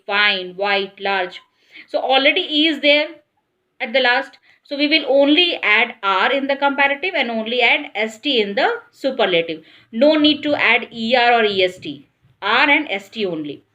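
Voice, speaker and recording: A woman's voice: a little high, pushed and bright. A woman explaining an English grammar lesson, patiently repeating points and spelling words out letter by letter.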